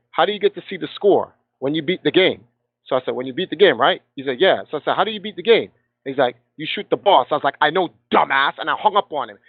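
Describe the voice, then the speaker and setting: His voice runs on the high side, carried by a tinny phone line without echo. The man, a guest gamer, tells a heated tale passionately, performing the dialogue of the people he quotes.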